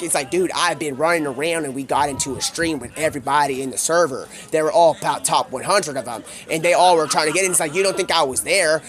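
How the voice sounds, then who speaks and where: Guy streaming, rambling a crazy made-up story, slangy, fairly high voice. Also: fairly bright tone. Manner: rambling, drawling slang, quick voice switches for quoted characters. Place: home streaming setup.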